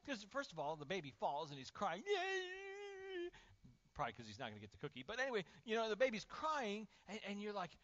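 A male pastor preaching a lively sermon, swinging from loud, acted-out outbursts to near-whispers. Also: high voice, quick pace, few pauses. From Indiana, USA. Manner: animated, acts out voices and swings from shouting to near-whisper. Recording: dull lo-fi sermon audio.

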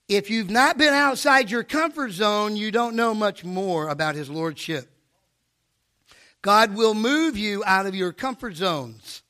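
Man, preacher, storytelling sermon, animated, very high pitch, sharp bright tone. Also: slow pace. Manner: animated, acts out his own inner voice.

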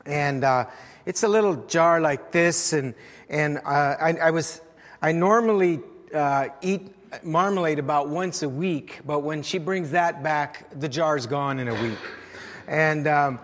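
Pastor guy giving a sermon, kinda high voice, lots of uhs and restarts, big echoey church hall. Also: a little slow. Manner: storytelling with frequent fillers and restarts. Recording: long reverb of a large hall.

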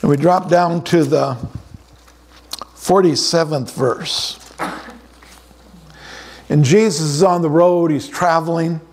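A man's voice: a little high, fairly even intonation, slow pace, pauses often, a little hiss or hum. A middle-aged man preaching a conversational sermon, often repeating words as he restarts his sentences. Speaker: pastor.

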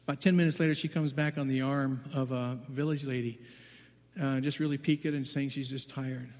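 A man telling a personal testimony as a Bible translator, halting and repeating words, then growing urgent and loud at the tense parts. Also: medium pitch, steady tone, big-room sound.

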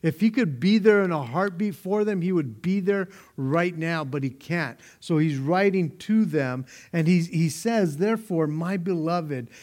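A male pastor with a slightly higher-than-usual voice delivers a conversational sermon. He talks earnestly and directly to his listeners. He often doubles back on words as he builds toward his point. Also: measured pace, few pauses, a little mellow.

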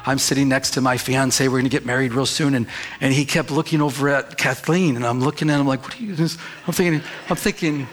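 Brief: middle-aged male pastor, sermon storytelling, conversational and lively in the quoted bits, mid-pitched voice. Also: fairly quick. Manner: storytelling, animated when quoting himself.

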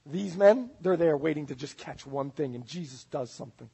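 Husky-voiced preacher, high and impassioned. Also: male voice, animated, normal speed, few pauses, rough recording. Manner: swings from loud urgent preaching to hushed intensity. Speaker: pastor. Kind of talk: sermon. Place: church.

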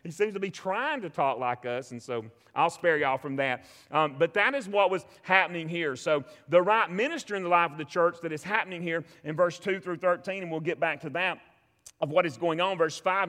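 Middle-aged man, Southern US drawl, pastor preaching on a church stage, emphatic and repetitive, voice sitting a bit high. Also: a bit bright, long reverb tail. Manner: preaching with emphatic repetition and call-and-response asides. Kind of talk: sermon.

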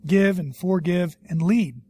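A pastor in middle age delivering a sermon with a fairly high voice. He tells stories with animation, then drops low and quiet to press a point home. The sound is dry and close, with little room around it. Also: a little slow, slightly rough, dry recording. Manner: animated storytelling, swings between loud and hushed.

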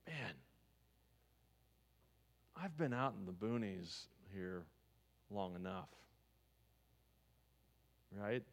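A man's voice: fairly low pitch, expressive, extremely slow, pauses often. A man preaching a sermon as pastor, talking conversationally and asking his listeners questions. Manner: conversational, asks the congregation questions.

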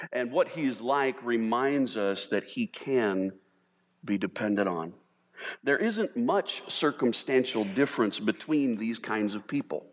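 Pastor preaching in a reverberant hall. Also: male voice, mid-range voice. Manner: animated preaching, mimics panicked voices for humor. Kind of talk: sermon. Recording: long reverb of a large hall.

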